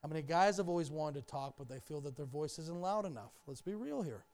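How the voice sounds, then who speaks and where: A man's voice: fairly high pitch, expressive, fairly quick, darkish tone. A man preaching a sermon as pastor in a church, talking candidly and joking as he speaks directly to the congregation. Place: church sanctuary.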